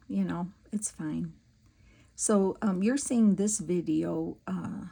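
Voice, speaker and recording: A woman's voice: on the low side, vocal fry, mellow, breathy edge. A woman hosting a crafting video, chatting casually and giggling as she works, with many fillers. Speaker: crafting channel host. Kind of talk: casual craft tutorial chat.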